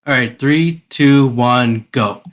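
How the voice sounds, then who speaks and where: A man hosting a podcast, chatting casually in an unhurried way with fillers. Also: medium pitch. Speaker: podcast host. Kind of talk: casual chat.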